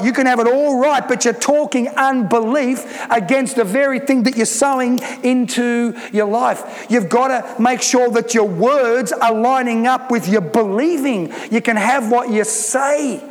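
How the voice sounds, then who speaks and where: A man's voice: extremely high pitch, long reverb tail. A male pastor preaching a sermon, emphatic and repeating phrases for stress.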